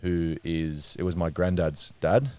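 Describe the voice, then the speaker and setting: A man's voice: low-pitched, fairly even intonation, unhurried, mellow, no echo. An Australian man telling a personal story in casual chat, swearing freely and acting out the voices of the people in it.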